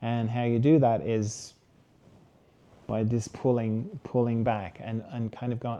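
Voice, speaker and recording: Guy talking gently to his listeners, really dark mellow voice, mid-pitched, chatty and easygoing. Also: flat delivery, measured pace. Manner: gentle, conversational, acts out inner voices. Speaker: host. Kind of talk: reflective solo talk on a quote.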